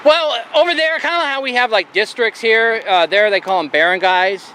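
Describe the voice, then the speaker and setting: A man's voice: high voice, moderate pace, bright, forceful tone, slight background noise. A man filming on a sidewalk with a handheld camera, chatting casually and rambling with frequent laughs. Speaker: YouTube auditor filming in public. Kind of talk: casual chat to camera and with an officer. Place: outdoors on a sidewalk by a road. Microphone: handheld camera mic.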